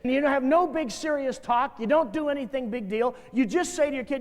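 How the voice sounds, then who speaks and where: A man's voice: very high-pitched, a little fast, few pauses. A middle-aged man giving a passionate seminar talk to youth workers in a church hall. He tells stories animatedly and acts out the voices he quotes. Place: large church hall with audience. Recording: reverberant hall, glitchy VHS tape transfer.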